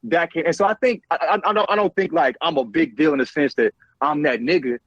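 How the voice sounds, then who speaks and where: A man's voice: on the high side, a little fast, no room sound, highs cut off. A man guest on a talk show, telling stories in a loose, profane, filler-heavy casual way. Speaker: podcast guest. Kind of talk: casual chat.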